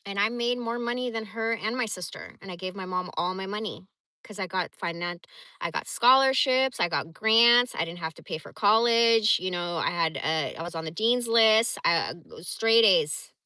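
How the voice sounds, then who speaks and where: A woman in her forties telling stories from her life on a livestream, blunt, animated and full of swearing. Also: medium pitch, normal speed, no echo. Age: 40s. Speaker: livestream host. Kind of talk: casual storytelling.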